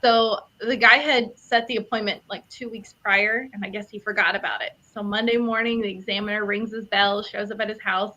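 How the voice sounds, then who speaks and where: A woman's voice: mid-range voice, brisk, few pauses, highs cut off. A woman telling a funny story from her work as an insurance agent, in casual podcast chat. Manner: laughing storyteller, animated.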